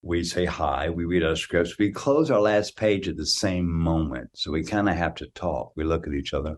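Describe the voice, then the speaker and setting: A man in his sixties, a guest on an interview podcast, telling anecdotes in a lively way and often repeating words as he goes. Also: low-pitched, moderate pace, few pauses. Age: 60s. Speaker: guest actor. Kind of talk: casual interview storytelling.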